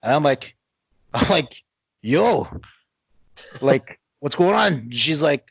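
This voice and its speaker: A man's voice: fairly high pitch, expressive, unhurried, creaky, fairly bright tone, breathy edge, dry recording. A man co-hosting a podcast, telling a story in casual chat, rambling and laughing, with many fillers and repeated words. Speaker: podcast co-host.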